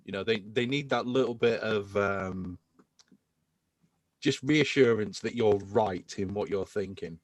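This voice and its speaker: A man's voice: lowish voice, measured pace, dry recording. A man hosting a podcast in casual chat, enthusing about beer. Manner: enthusiastic, animated beer talk. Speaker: podcast host.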